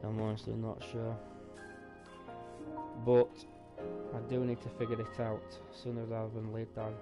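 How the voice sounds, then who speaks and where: A gravelly-voiced man talks through his game in a loose, musing ramble. He sounds tired and sleepy. Music plays clearly behind him. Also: lowish voice, completely flat delivery, normal speed. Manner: thinking aloud, rambling and musing. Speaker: gaming streamer. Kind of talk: casual gameplay commentary. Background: background music.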